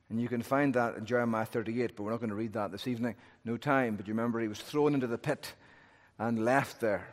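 A man preaching a sermon, moving between loud, urgent peaks and hushed, low phrases. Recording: long hall reverb.

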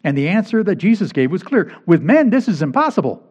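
A man's voice: on the high side, huge pitch swings, fast, hardly any pauses, darkish tone, husky. A male pastor preaching a sermon, emphatic and repeating key phrases to drive points home. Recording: dull lo-fi recording.

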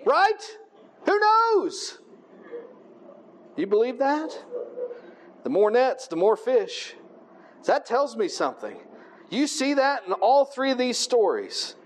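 A man with a notably high voice delivers a sermon. He reads scripture aloud, then explains it in plain, conversational terms, often stopping to ask his listeners "right?". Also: big pitch swings, unhurried, darkish tone, a little hiss or hum. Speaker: preacher.

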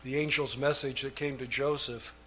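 A man preaching a sermon, reading scripture aloud and lifting his voice on key phrases, then dropping low on asides. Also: steady tone, moderate pace, pushed and bright, slight background noise.

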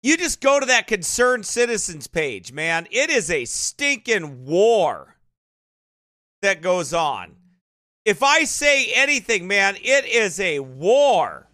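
A man's voice: sits high, very animated, slow, sharp tone, no echo, clean studio sound. A man speaking as a pastor in a sermon-style commentary, emphatic and repeating tag questions like "right?" and "eh?".

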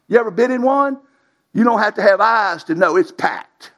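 A man's voice: high-pitched, lively intonation, normal speed, a bit bright. A man preaching a sermon, in a folksy, emphatic style with colloquial grammar.

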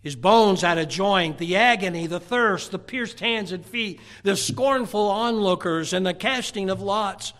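A man delivers a sermon, reading scripture aloud as he swings between loud, emphatic passages and hushed, nearly whispered ones. His voice is high-pitched, his pace measured, and he pauses little.

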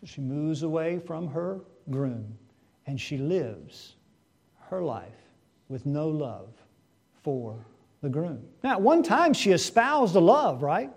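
A man preaching a sermon to his congregation, asking rhetorical questions and swinging between hushed and loud delivery. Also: on the high side, lively intonation, slow, creaky, breathy edge.

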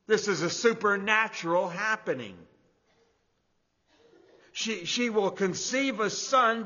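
A man preaching a sermon as pastor, repeating key phrases for emphasis and building from quiet reflection to emphatic preaching. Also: high-pitched, in a large hall, highs cut off.

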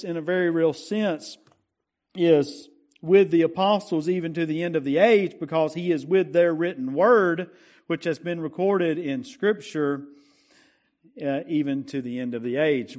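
A man preaching a sermon, asking the congregation questions and reading scripture with slow emphasis. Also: on the high side, a little mellow.

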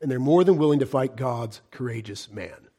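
A middle-aged male pastor preaching a fiery sermon, swinging from loud cries to hushed, low warnings. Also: animated, normal speed, breathy edge.

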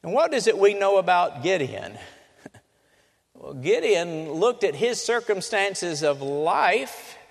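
A man's voice: sits high, sing-song, takes it slowly, gravelly. Man preaching in a reverberant hall. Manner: dramatic, shifting pace and loudness. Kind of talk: sermon storytelling.

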